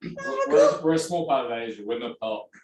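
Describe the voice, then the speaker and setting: Deadpan man, distant and roomy. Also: medium pitch, moderate pace. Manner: dry, deadpan one-liners. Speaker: podcast co-host, comedian. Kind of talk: casual comedy podcast chat.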